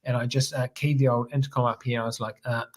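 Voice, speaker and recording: A man with a New Zealand accent tells stories in casual talk, his voice sitting in an ordinary middle pitch. He rambles easily and trips over his words, restarting phrases and doubling them up as he goes. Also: a little fast. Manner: relaxed, rambling, frequent restarts and repeated words. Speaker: podcast guest, former air force helicopter pilot. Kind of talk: casual storytelling interview.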